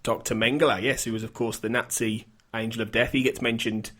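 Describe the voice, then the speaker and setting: A man's voice: mid-range voice, level tone, fairly quick, fairly bright tone. A man hosting a podcast, running a quiz in casual chat and laughing often. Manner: giggly, chatty quizmaster. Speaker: podcast host.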